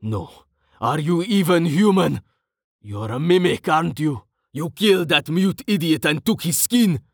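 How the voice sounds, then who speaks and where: A man's voice: fairly low pitch, steady tone, slow pace, a little mellow, slightly rough, dry recording, clean studio sound. A man voicing a wary, hot-tempered male archer who hisses and accuses in a raised voice. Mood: accusing.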